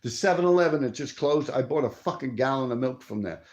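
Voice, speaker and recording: A man's voice: mid-range voice, expressive, fast talker, dull audio. A middle-aged man, telling profane street stories on a live stream. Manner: profane, streetwise, answers viewer chat. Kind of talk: casual rambling storytelling.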